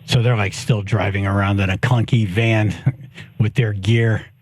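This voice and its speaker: A man's voice: lowish voice, fairly even intonation, noisy background. Joking morning radio host, man. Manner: joking, quick interjections. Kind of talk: casual radio chat.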